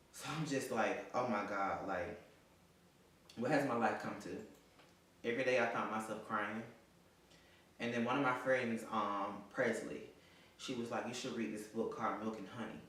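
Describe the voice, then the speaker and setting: A man's voice: lowish voice, fairly bright tone. A young man telling a storytime vlog about a cheating boyfriend, profane and dramatic, sometimes talking at his ex as if he were there. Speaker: vlogger. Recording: echoey room, distant mic, faint noise.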